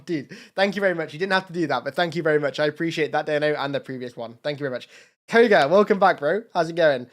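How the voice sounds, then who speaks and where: Chatty man streaming live. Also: on the high side. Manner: rambling, thanks donors by name, many fillers. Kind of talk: casual livestream chat.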